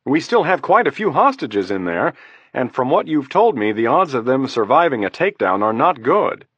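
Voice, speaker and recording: Man doing a cornered vice president, testy, sharp, pitched up above the narration, dry audiobook sound. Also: very animated, moderate pace, slightly rough, dry recording, dull audio. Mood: testy defensive. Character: defensive, irritable male vice president, middle-aged.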